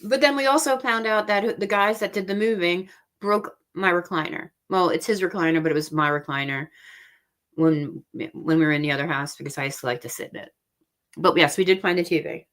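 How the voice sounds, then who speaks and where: A woman's voice: on the low side, a little fast, fairly bright tone. Chatty woman on a home livestream. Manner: chatty, laughs often, trails off and restarts. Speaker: livestream host. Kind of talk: casual chat.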